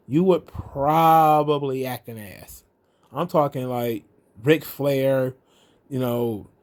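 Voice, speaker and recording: A man's voice: fairly high pitch, darkish tone. A man hosting his own commentary show, talking casually with blunt, sarcastic and profane remarks. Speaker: host of a wrestling commentary show.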